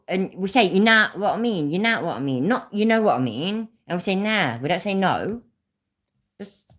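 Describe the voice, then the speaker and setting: A woman with a Leicester accent, a YouTube host talking bluntly and swearing freely in a casual livestream chat. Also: on the low side. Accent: Leicester English.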